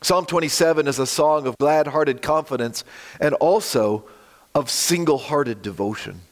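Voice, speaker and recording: A man preaching a sermon with a slightly croaky voice, earnest and emphatic, slowing for dramatic drops. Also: on the high side. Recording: long hall reverb.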